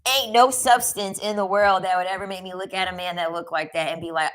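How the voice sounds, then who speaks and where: A woman's voice: lowish voice, brisk, fairly bright tone, rough recording. A woman giving a casual commentary rant, sassy and emphatic, often repeating her lines for effect. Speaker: commentary vlogger.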